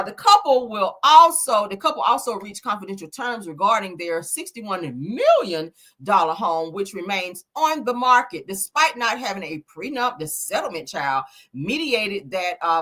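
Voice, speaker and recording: Sassy, animated woman gossip host. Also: mid-range voice. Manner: sassy, profane, calls listeners honey and child. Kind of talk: casual celebrity gossip commentary.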